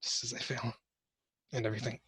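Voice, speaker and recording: A man's voice: medium pitch, little pitch movement, a little fast, a bit bright, husky, dry recording. A young man giving casual let's-play commentary for a class vlog, awkward and joking at his own expense. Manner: awkward, self-mocking joking. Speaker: gamer doing a class vlog.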